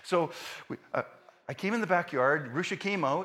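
A middle-aged man delivers a sermon built around a story, talking casually with plenty of fillers. His voice is on the high side and fairly quick, and he animatedly acts out the voices of his family members.

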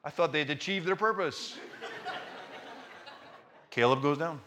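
A middle-aged male pastor preaching a sermon through personal stories, with joking asides and swings between loud and soft delivery. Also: on the high side, measured pace.

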